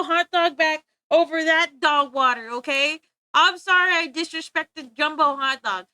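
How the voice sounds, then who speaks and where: A woman's voice: sits high, unhurried, bright, forceful tone, no room sound. A woman streaming live while she draws, chatting casually and playfully, giggling and making exaggerated complaints.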